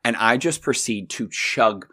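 A man's voice: mid-range voice, expressive, unhurried, pushed and bright. A young Southern man spins rambling party stories with a joking, easygoing drawl. He talks as a guest in a loose, chatty conversation. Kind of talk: casual chat.

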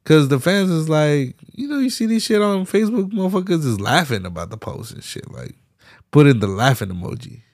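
A man's voice: on the high side, fairly quick, vocal fry, no room sound, clean studio sound. A young man hosting his own podcast, talking solo in loose profane slang with plenty of laughter. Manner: profane, animated street slang, frequent laughs. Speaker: podcast host. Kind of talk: casual solo commentary.

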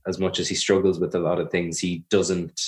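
A young Irish man, an actor being interviewed on a podcast, answering in a thoughtful, measured way and often correcting himself mid-sentence. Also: low-pitched, little pitch movement. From Ireland. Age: young adult. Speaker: actor guest.

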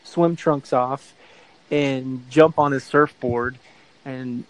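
A man's voice: mid-range voice, fairly even intonation, slow pace, poor audio. Middle-aged man rambling through a story. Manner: rambling, self-correcting storyteller who acts out quoted voices. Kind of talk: casual anecdote telling.

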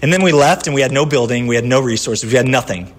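A man pastor giving a sermon in a conversational style, telling personal stories and dropping from lively to hushed. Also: mid-range voice, quick pace.

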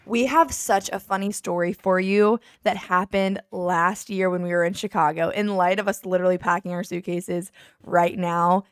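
A woman's voice: on the low side, steady tone, normal speed, smooth, no echo, studio quality. A woman co-hosting a podcast in a bubbly casual chat, often breaking into laughter. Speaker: podcast co-host.

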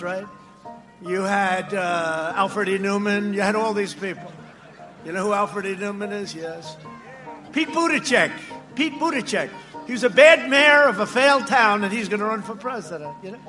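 A man giving a campaign rally speech on a stage microphone, boastful and mocking, repeating himself and often shouting. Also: high voice. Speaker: political speaker at a rally. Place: large rally before a crowd.

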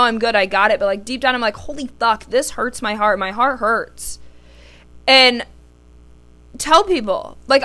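A woman's voice: a little high, sharp tone, smooth. A young woman hosting a podcast, talking candidly in a casual, heartfelt way and swearing freely. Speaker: podcast host. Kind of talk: casual solo podcast talk.

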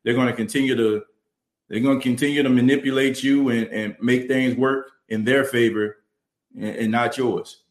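A man's voice: mid-range voice, fairly even intonation, moderate pace, echoey room. A man with a New Orleans accent hosting a podcast, talking fervently and with many "you know" fillers while he reads viewer chat. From New Orleans, US South. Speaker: podcast host. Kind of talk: livestream podcast talk, reading chat. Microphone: studio mic and camera.

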